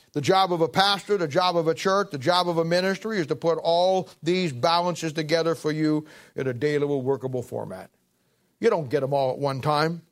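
A man gives a sermon from the pulpit in a slightly raised voice. He slows and swells to read scripture aloud, then drops into chatty asides, clearing his throat as he goes. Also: on the high side. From Ohio, United States. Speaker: pastor.

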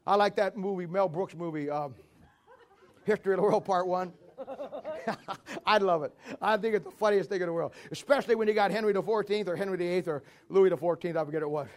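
A man's voice: high voice, brisk. A man preaching a humorous sermon, telling stories in a folksy way, laughing at his own jokes and acting out voices.

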